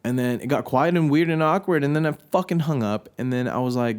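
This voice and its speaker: A young podcast host tells a personal story candidly and confessionally, swearing often and cutting off his own sentences. His mid-range, darkish voice runs a little fast with hardly any pauses.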